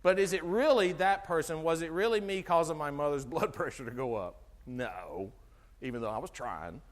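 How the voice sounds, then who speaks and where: An animated middle-aged man gives a sermon-like health talk and quizzes his listeners as he goes. His voice sits high and swings up and down all the time. The sound carries the long reverb of a hall. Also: moderate pace. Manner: animated, asks the audience questions, acts out dialogue. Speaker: chiropractor giving a health talk.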